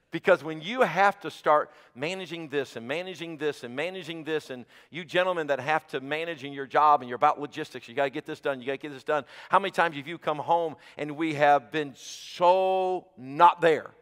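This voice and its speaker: A man preaching a sermon as pastor, moving between quiet, intimate passages and loud, emphatic ones. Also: on the high side, long reverb tail. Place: church sanctuary.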